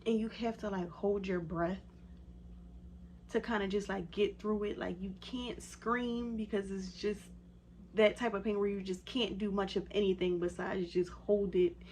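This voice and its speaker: A woman vlogger telling a story from her own life to the camera. She talks casually and dramatically, using plenty of "like" fillers at a middling pitch. A faint hiss sits behind her voice. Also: unhurried. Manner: animated, lots of "like" fillers.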